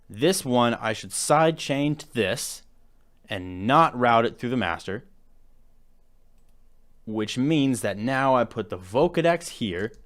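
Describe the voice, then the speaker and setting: A man's voice: mid-range voice, a bit bright. A man hosting a live music production stream, talking casually and rambling, often repeating himself and laughing at his own attempts.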